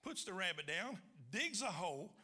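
A man telling a funny hunting story on stage before a large audience, folksy and animated, loud in the quoted lines. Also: sits high, normal speed, a little hiss or hum. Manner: folksy, animated, shouting punchlines in quoted voices. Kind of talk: live comic storytelling.

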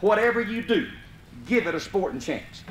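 A man from Mississippi with a Southern US accent tells a folksy comic story to a live audience, breaking out into hollers now and then. His voice sits high and sounds animated, at a normal speed. It's a roomy vinyl live recording with faint hiss.

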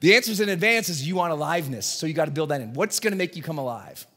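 A man giving an energetic motivational seminar talk to a live audience in a large event hall, often acting out voices in his stories. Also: fairly high pitch, fast. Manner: energetic, animated, acts out dialogue in voices. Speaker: motivational speaker and coach.

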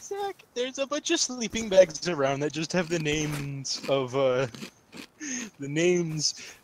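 A woman's voice: low-pitched, very animated, slow, darkish tone, slight background noise. A woman chatting casually with friends while playing an online game, giggling often. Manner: giggly, playful. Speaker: game player. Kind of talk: casual gaming chat.

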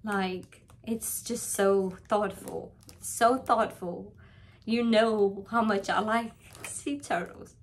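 A woman's voice: medium pitch, fairly even intonation, slow pace. A woman, opening birthday mail in a casual vlog, gushing and repeating herself as she talks to viewers. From Louisiana, USA. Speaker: crafting channel vlogger.

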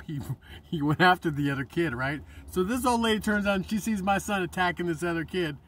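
A middle-aged man speaks in a husky, slightly raised voice, caught a little way from the mic. He rambles with passion, swears freely and keeps restarting his sentences as he vlogs to camera. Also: on the high side, a bit bright, recorded from a distance. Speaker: vlogger. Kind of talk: emotional monologue to camera.

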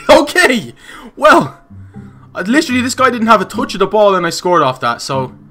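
A man's voice: high-pitched, expressive, moderate pace, sharp tone, faint music behind. A young Irish man giving angry, swearing commentary over his own football video game matches. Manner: swearing, exasperated ranting. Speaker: gaming YouTuber. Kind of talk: raging gameplay commentary.

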